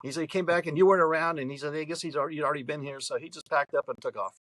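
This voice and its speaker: A man's voice: on the high side, fairly even intonation, very fast, fairly bright tone, no room sound, low-quality recording. A man in his seventies from New York State, telling a long rambling story as a podcast guest, with chatty restarts. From New York State, USA. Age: 70s. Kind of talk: storytelling anecdote.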